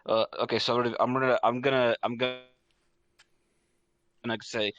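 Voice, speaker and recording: A man's voice: on the low side, brisk, a bit bright, no echo. A man playing a tabletop game, talking tough and threatening as his character. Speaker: player.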